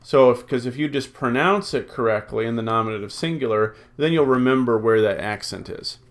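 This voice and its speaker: A man teaching a recorded Greek lesson, slowly drilling word forms, reading out rules and thinking aloud with many ums and uhs. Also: medium pitch. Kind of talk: recorded classroom lecture.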